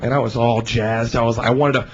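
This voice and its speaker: A male stand-up comedian doing a lively routine, animated and shouting at times, slipping into high put-on voices. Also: a little fast. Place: comedy club stage. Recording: dull live club recording, audience. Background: audience laughter.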